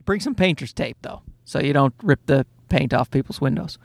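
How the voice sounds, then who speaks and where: A man's voice: mid-range voice, lively intonation, normal speed, creaky, no echo. A man in his thirties hosting a casual solo podcast, telling a story in a profane, self-mocking way. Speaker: podcast host.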